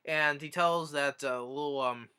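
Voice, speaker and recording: Man, movie reviewer, casual plot recap, rambling, bright tone. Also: a little high, measured pace, clear, resonant tone. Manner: rambling, with many restarts and fillers.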